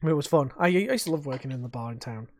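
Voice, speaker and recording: A young man, hosting a casual podcast chat and telling animated stories that he acts out and laces with swearing. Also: fairly high pitch, fast, dry recording, studio quality. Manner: animated storytelling, swearing, acting out quotes. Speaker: podcast host.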